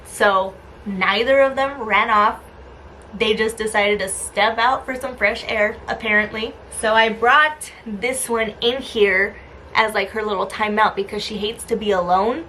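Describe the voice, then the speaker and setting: A young adult woman telling a story in a casual vlog, chatty and animated, with lots of "like" and "um". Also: mid-range voice, a little slow, slight background noise, rough recording. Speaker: lifestyle vlogger.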